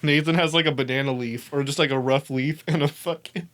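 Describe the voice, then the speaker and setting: A young man with a slightly high voice tells a rambling story in casual podcast chat. He is animated and swears freely, and he laughs often as he goes. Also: brisk. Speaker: podcast host.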